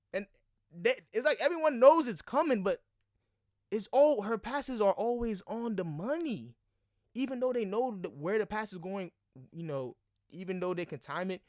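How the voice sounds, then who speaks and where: A man talks through game highlights in a loose, slangy reaction style, calling out to his viewers. His voice sits a little high for a man and bursts into loud excitement at big plays. The sound is dry and close, with no room echo. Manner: excited, slangy, addresses viewers as y'all and bruh. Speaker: basketball commentator. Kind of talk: casual sports reaction commentary.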